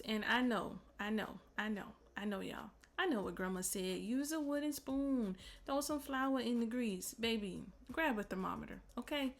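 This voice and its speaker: A woman hosting a cooking tutorial in a casual, chatty voice-over, sassy and playful, calling her viewers "baby" and "child". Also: fairly high pitch. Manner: playful, teasing asides. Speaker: cooking channel host.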